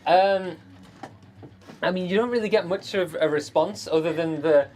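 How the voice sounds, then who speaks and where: A man's voice: high voice, normal speed, darkish tone, a little hiss or hum. A man running a tabletop game as dungeon master, hesitant with many ums and chuckling asides.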